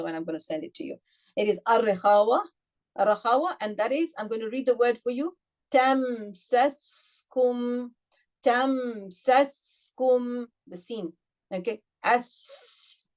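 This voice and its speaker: A woman teaching an online recitation class. She explains patiently, asks her students questions and says sounds slowly, several times over. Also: medium pitch, lively intonation. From United Kingdom. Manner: patient, demonstrates sounds slowly and repeats them; addresses students directly with questions. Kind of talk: online tajweed lesson.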